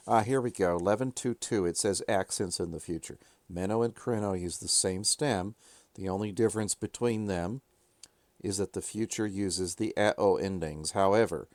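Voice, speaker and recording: Deep-voiced man teaching a grammar lesson. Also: a little mellow, no room sound. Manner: thinking aloud, informal, with fillers and self-corrections. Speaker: Greek teacher.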